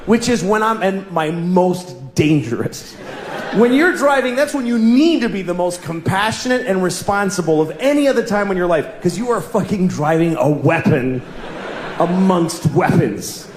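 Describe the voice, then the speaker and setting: A man's voice: sits high, lively intonation, moderate pace. A middle-aged man doing a stand-up comedy set, telling rambling, self-deprecating stories on a live stage. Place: live stage before an audience. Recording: roomy live venue with crowd noise.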